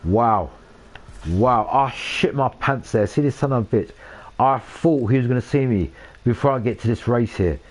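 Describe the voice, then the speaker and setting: At medium pitch and a moderate pace, this young gamer narrates his play for a live audience. He curses a lot, speaks directly to viewers, and bursts out in frustration.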